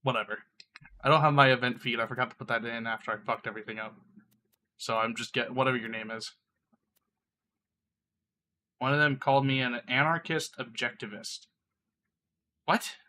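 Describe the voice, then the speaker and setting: A man's voice: medium pitch, fairly even intonation, normal speed, long pauses, bright, forceful tone. A sick man streaming live, rambling crudely in casual chat and laughing often.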